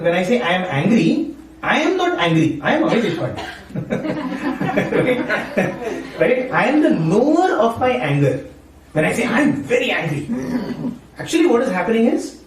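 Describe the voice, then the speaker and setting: A man's voice: high-pitched, slight background noise. A man from Maharashtra gives an informal devotional talk, often checking in with "right?" and "you know". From Maharashtra, India. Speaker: spiritual speaker and university teacher. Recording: echoey room, voice from far off.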